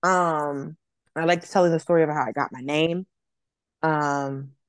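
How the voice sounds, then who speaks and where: A woman comedian telling stories on a podcast, lively and blunt, acting out other people's voices and swearing freely. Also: sits low, measured pace, dry recording. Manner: animated storyteller, acts out quoted voices, swears freely. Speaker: comedian guest. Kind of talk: casual podcast storytelling.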